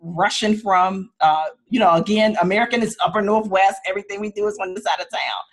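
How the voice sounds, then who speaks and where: A woman with a husky, slightly breathy voice speaks candidly as an interview guest. She tells her personal story in a heartfelt, unpolished way, often restarting sentences as she goes. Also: medium pitch, fairly even intonation, fairly quick. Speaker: attorney and entrepreneur, guest. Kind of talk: emotional personal storytelling in a conversation.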